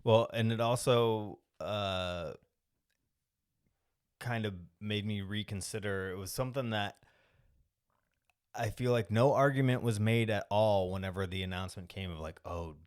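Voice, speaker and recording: A man co-hosting a podcast, recapping film scenes in a relaxed, rambling way with many fillers. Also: fairly low pitch, a little slow, long pauses, smooth. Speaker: podcast co-host. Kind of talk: casual movie discussion.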